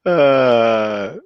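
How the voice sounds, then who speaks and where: A man's voice: mid-range voice, fairly bright tone, clean tone, no echo, highs cut off. A man hosting a casual livestream, greeting viewers by name and chuckling often. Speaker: livestream host.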